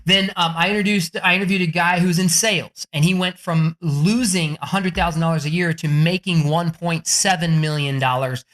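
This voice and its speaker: A man who is a podcast guest and author, telling profane, excitable stories and acting out quotes in a raised voice. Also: on the high side, normal speed, few pauses. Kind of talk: animated storytelling in an interview.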